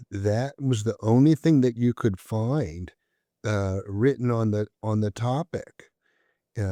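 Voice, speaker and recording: A man, a therapist, speaking as a podcast guest in a measured, hesitant way with many pauses. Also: on the low side, mellow, no echo, clean studio sound. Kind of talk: casual interview chat.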